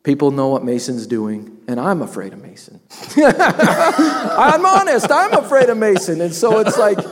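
A man's voice: high voice, wildly swooping pitch, unhurried, big-room sound, very noisy. A man telling an emotional personal testimony about his workplace, laughing often and tearing up at moments. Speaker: business owner sharing a testimony.

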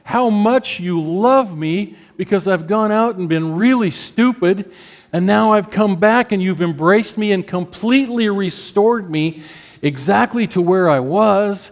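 A man in his fifties preaching a sermon with strong emotion, his pitch climbing when stirred and his voice softening as he acts out prayers of repentance. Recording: long hall reverb.

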